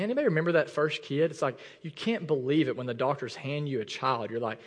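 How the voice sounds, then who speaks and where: A man in his thirties preaching a sermon in a church, swinging from near shouts down to low, intimate asides. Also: expressive, brisk, hardly any pauses, in a large hall. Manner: impassioned, rising to near shouts then dropping low and intimate. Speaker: pastor. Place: church sanctuary.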